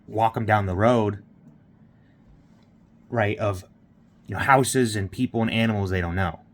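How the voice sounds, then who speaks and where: A man's voice: on the low side, a little slow. A man vlogging, retelling a morning story in a rambling way with lots of fillers and quoted dialogue. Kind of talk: casual vlog storytelling.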